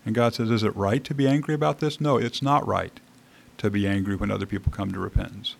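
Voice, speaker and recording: A man's voice: on the low side, steady tone, fast talker, creaky. A man preaching a sermon in a church, reading scripture aloud and commenting on it in a conversational way. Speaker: pastor. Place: church sanctuary.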